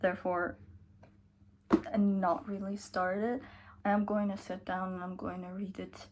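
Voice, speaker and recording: A woman's voice: medium pitch, little pitch movement, background noise. A tired young woman chatting casually in a book vlog, now and then dropping to a whisper. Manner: chatty, slow and drawn out, sometimes drops to a whisper. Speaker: book vlogger.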